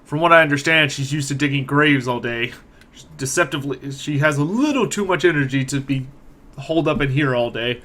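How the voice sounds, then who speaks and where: A man's voice: medium pitch, a little fast, sharp tone, close to an everyday voice. A man voicing a weary middle-aged innkeeper who talks in a plain, mildly apologetic way.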